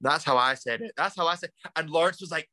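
A young Scottish man being interviewed as a drag performer, animated and quick to laugh, calling everyone "girl". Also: on the high side, no echo. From Scotland. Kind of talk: casual interview chat.

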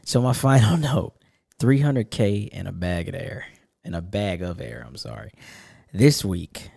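A man with a very low, gravelly voice talks in a loose, easygoing way as a podcast co-host. He swears casually and laughs often while chatting in the studio. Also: darkish tone. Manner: laid-back, swears freely, laughs often. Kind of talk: casual chat.

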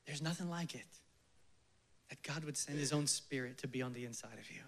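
With a gravelly, mid-range voice, a man preaches fervently, his delivery veering from emphatic bursts to hushed near-whispers. At points he leads the listeners through a slow, soft prayer.

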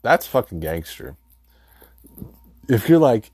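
A man with a fairly low voice tells crude, rambling stories, swearing in nearly every line. He talks loosely and casually, and the recording is dry and close with no room echo. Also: moderate pace, a little mellow. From rural dairy farm upbringing. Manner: profane, rambling, laughs at own stories. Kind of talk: casual comedic storytelling.

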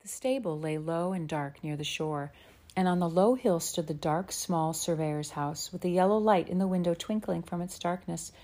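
A woman narrating a children's storybook in a slow, gentle, measured way. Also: lowish voice. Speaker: audiobook narrator.

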